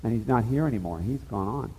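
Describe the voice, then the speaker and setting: Husky male preacher in a reverberant space. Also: medium pitch, expressive, quick pace, mellow. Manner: conversational, emphatic preaching with asides. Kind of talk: sermon. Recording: dull lo-fi sound with long reverb.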